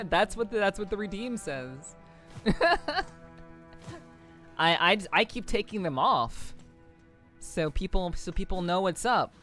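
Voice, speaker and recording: A woman's voice: medium pitch, very animated, slow, long pauses, a bit bright, soft background music. A young adult woman streaming a game, chatting casually with viewers in a joking, profane way and often repeating herself. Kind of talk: casual gameplay chat.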